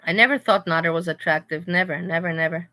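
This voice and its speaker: Bright-voiced woman chatting on a livestream. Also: fairly low pitch, quick pace, rough recording. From Europe. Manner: animated, talks back to chat commenters. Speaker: livestream host reading chat. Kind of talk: casual livestream chat. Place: hotel room.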